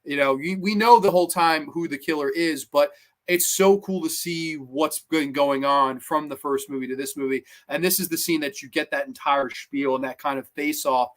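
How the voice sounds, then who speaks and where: A man's voice: a little high, normal speed, a bit bright. A man hosting a livestream horror movie review, rambling enthusiastically and reading chat messages. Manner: enthusiastic, rambling fan talk.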